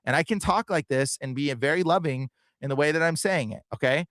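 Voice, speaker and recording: A slightly high, fairly bright male voice with no echo belongs to a young livestream podcast host. He speaks earnestly and quickly in a casual register, peppering everything with fillers, "bro" and "like" most of all.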